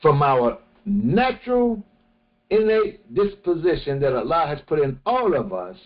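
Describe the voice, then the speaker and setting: A man teaching a morning religious session, speaking slowly and deliberately and often restarting his phrases. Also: on the high side, sing-song, highs cut off. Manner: slow, deliberate, with many restarts. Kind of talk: morning lecture.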